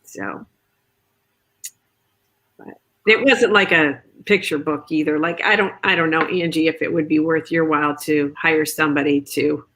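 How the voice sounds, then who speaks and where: A woman author chatting on a video call, telling stories in a lively way and acting out quoted lines. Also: sits low, moderate pace. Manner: chatty, animated storytelling with quoted asides. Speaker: author guest. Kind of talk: casual video chat.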